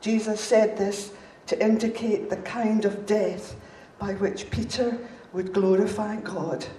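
A woman reading scripture aloud slowly and carefully. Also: medium pitch, fairly even intonation, warm tone. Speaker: scripture reader. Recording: distant, echoey room with faint noise.

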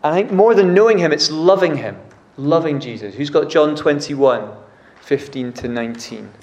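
A man's voice: on the high side, normal speed, darkish tone, highs cut off. A man preaching a casual, chatty sermon, often acting out the dialogue. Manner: conversational, uses "like" and acts out dialogue. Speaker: pastor. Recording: echoey room.

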